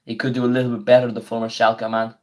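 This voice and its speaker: A young man streams a football watchalong, his voice worn thin and going hoarse. He rambles in slangy, relaxed chat, then jumps into quick, excited play-by-play whenever the attack builds. His pitch sits in an ordinary middle register. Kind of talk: casual live stream chat with match commentary.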